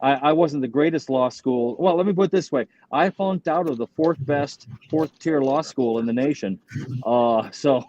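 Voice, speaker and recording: A man in a casual comedians' chat, chatty and quick to laugh, with stammering restarts. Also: medium pitch, darkish tone, no echo. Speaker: comedian panelist. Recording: dull dry call audio.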